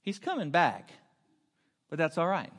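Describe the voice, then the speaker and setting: High-voiced preacher in an echoing hall. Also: male voice, huge pitch swings, fairly bright tone. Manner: emphatic, rhetorical questions, drawn-out punch lines. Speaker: pastor. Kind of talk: sermon.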